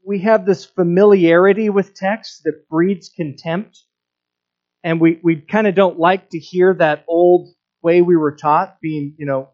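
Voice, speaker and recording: A man's voice: high voice, fairly even intonation, unhurried, muffled recording. A man preaching a sermon, earnest, often repeating words and restarting his phrases. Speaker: pastor.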